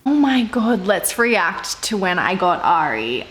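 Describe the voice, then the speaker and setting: A woman's voice: mid-range voice, sing-song, takes it slowly, hardly any pauses, fairly bright tone, roomy sound, a little hiss or hum. A young woman vlogger gushing and squealing as she reacts to her old videos. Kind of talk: casual reaction vlog.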